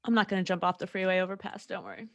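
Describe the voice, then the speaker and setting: A woman's voice: medium pitch, fairly even intonation, racing, lo-fi sound. A young woman hosting a solo podcast, talking candidly and rambling, with frequent laughs and fillers. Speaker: podcast host. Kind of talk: casual solo podcast chat.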